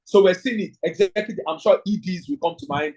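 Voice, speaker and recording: Husky man teaching a leadership class. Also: sits high, brisk, darkish tone, rough recording. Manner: thinking aloud, frequent "right?" tag questions; reads participants' chat answers. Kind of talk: online class lecture with audience questions.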